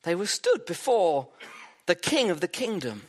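A man preaching a sermon, retelling a story vividly and dropping his voice low for emphasis. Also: very animated, a little slow.

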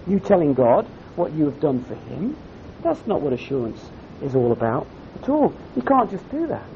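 A man's voice: wildly swooping pitch, moderate pace, gravelly. A man preaching a sermon at a camp, earnest and direct, often putting questions to his audience. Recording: dull lo-fi recording with faint rumble.

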